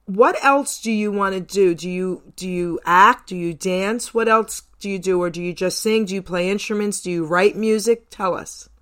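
A woman's voice: mid-range voice, normal speed, few pauses. A woman from New Jersey hosting a radio show, interviewing a guest casually, enthusiastic and effusive, firing off several questions in a row.

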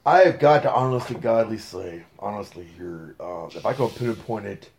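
A man, telling stories as an interview guest in a casual podcast chat, excitable and full of fillers. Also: fairly low pitch, normal speed. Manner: excitable storyteller, lots of fillers.

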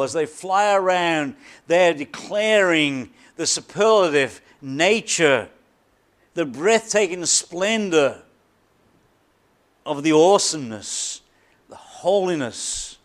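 A pastor delivering a sermon, preaching emphatically with deliberate repetition and dramatic drops to a quiet voice. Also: male voice, on the high side, expressive.

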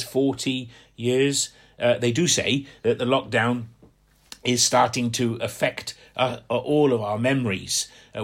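A man from Hampshire giving a gentle, rambling radio devotional reflection, with frequent fillers. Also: medium pitch. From Hampshire, England.

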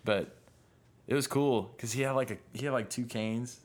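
A man's voice: medium pitch, normal speed. A man hosting a podcast in casual chat, rambling storyteller who swears a lot and leans on filler words. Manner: rambling, swears often, fills with "like". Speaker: podcast host, musician.

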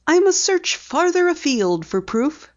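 A woman's voice: sits high, big pitch swings, unhurried, darkish tone, voice pushed up. A woman reading an audiobook, voicing an eager, persistent teenage girl sleuth who presses with questions. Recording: dull lo-fi audiobook recording.

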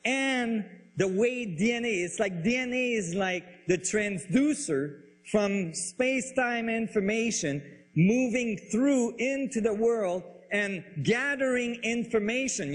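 A man explaining science ideas in a lecture style, halting and searching for words, with frequent restarts. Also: high voice. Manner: enthusiastic about the ideas. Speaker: speaker on physics and biology.

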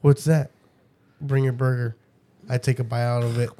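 A man's voice: medium pitch, flat delivery, normal speed, mellow, a little hiss or hum. A man co-hosting a casual podcast for dads, telling profane stories and acting out quotes. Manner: profane storytelling, acts out quotes. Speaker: podcast co-host; father.

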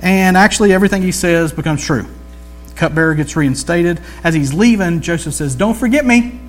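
A man's voice: a little high, fairly quick, soft background music. A man preaching a sermon in a loose, conversational storytelling way, with jokey asides and slang.

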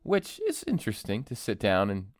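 A man's voice: on the low side, wildly swooping pitch, normal speed, dry recording, clean studio sound. A man hosting a solo podcast from an empty room, chatting in a joking, self-deprecating way. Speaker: podcast host and author. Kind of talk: casual solo podcast monologue. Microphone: studio microphone.

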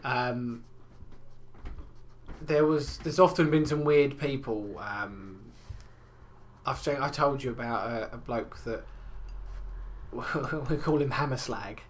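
A man's voice: mid-range voice, takes it slowly, long pauses. A man telling rambling stories in a casual chat, laughing and swearing as he goes. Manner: rambling, laughing, swearing, does voices of customers.

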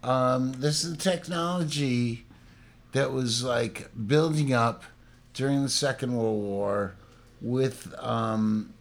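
A man in casual chat, laid-back and halting, full of ums as he thinks aloud. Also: medium pitch.

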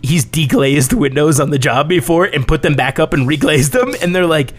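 A man's voice: a little high, brisk, few pauses. A man co-hosting a podcast, telling stories in casual crude banter, swearing and laughing often. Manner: animated storyteller, swears freely, laughs often. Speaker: podcast co-host.

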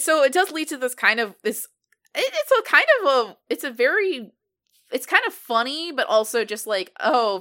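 Woman co-host, bright voice, casual and rambling, restarts her sentences. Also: a little high. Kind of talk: casual chat.

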